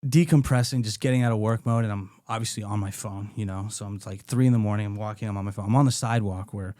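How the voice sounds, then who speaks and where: A man's voice: lowish voice, steady tone, fast talker, mellow, dry recording, studio quality. A young man casually telling a story on a podcast, acting out the quotes and laughing often. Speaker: podcast guest, comedian.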